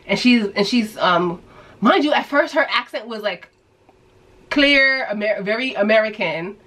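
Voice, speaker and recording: Animated woman telling a storytime. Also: fairly high pitch, measured pace, poor audio. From New York. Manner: animated storyteller who acts out quoted voices. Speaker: vlogger. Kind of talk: casual storytime.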